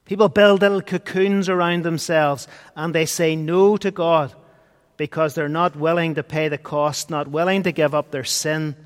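A man preaching a sermon, earnest, swinging between loud and hushed. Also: fairly high pitch, fairly even intonation, moderate pace. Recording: long hall reverb.

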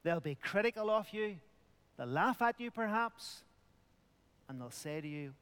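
Guy preaching at communion, fairly high voice, earnest, goes quiet and hushed sometimes. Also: expressive, unhurried, long pauses, clean tone, in a large hall. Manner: earnest, drops to a near whisper at tender points. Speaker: pastor. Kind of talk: communion sermon.

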